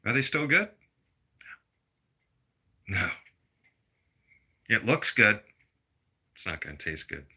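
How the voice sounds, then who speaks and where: A middle-aged man vents to his viewers in a blunt, profane rant. His voice sits low yet cuts through with a sharp, very bright edge. He talks like he is lecturing, plain and unpolished. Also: very animated, slow pace, pauses often, breathy edge. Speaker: vlogger. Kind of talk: personal rant to camera.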